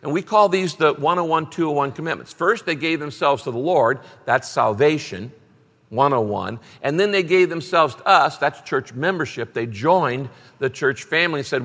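Middle-aged guy preaching, slightly high voice, lots of repeating for emphasis. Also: normal speed, long reverb tail. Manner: animated preaching with emphatic repetition. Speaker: pastor. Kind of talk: sermon.

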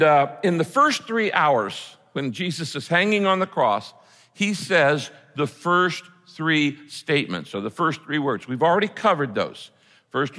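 Man preaching in a reverberant hall. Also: medium pitch. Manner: earnest preaching, rising to loud cries, dropping to hushed quotes. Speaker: pastor. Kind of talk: sermon. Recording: long reverb of a large hall.

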